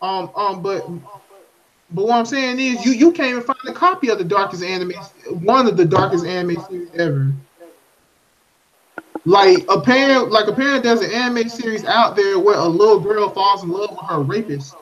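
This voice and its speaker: A man's voice: sits high, moderate pace, fairly bright tone. A man co-hosting a casual podcast, talking emphatically with plenty of swearing. He keeps circling back to hammer the same point. The audio is dull and muffled. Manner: emphatic, profane, repeats his points. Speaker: podcast co-host.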